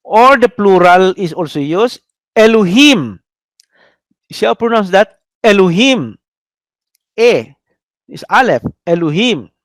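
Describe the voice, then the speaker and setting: Expressive and high-pitched, a priest with a Filipino accent teaches biblical Hebrew at a moderate pace with no echo. He drills pronunciation, punctuates sentences with "no?", and hesitates through many "uh" fillers and restarts in this classroom lecture.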